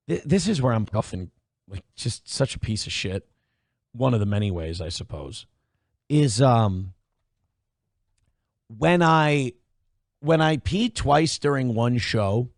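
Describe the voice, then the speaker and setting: A man hosting a casual livestream, reading out donations and chatting with viewers. His voice swings from hyped shouting to low muttering. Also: no room sound, studio quality. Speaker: livestream host.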